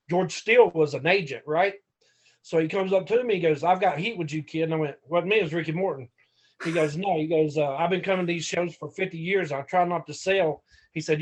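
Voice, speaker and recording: A man, a former pro wrestler, telling stories as a podcast guest in a casual, profane, animated way that acts out the quotes. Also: fairly high pitch. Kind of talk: casual storytelling.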